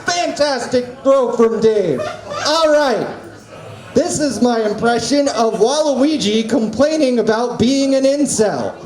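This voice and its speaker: A man doing open-mic stand-up in a small venue, with deadpan setups and quick impressions. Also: very high voice, roomy sound. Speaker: stand-up comedian.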